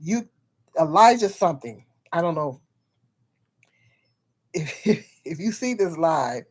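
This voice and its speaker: A woman's voice: lowish voice, expressive, a little slow, long pauses, breathy edge. Chatty, laughing woman on a livestream. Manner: rambling, repeats herself, laughs often; chatty and frank with viewers. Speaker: livestream host. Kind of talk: casual livestream chat.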